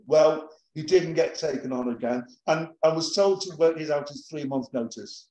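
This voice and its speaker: A man's voice: on the high side, normal speed, mellow, echoey room, low-quality recording. A man at an open mic reading a satirical advice letter aloud in a dry storytelling manner.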